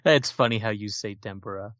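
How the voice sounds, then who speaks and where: A man, an indie wrestler, guest co-hosting a talk show with dry deadpan jokes. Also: on the low side, fairly quick, no echo. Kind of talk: casual podcast banter. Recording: dull, muffled sound.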